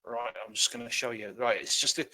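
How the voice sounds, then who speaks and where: A man running a tabletop game as game master, narrating loosely with halting restarts. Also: mid-range voice, steady tone, crowd noise.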